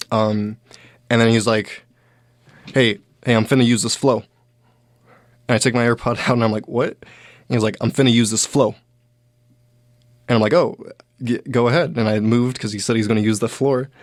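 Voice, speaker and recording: A man's voice: mid-range voice, no echo, clean studio sound. A young man hosting a live show, telling a casual, rambling story with frequent restarts and self-mocking asides. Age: young adult. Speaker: host.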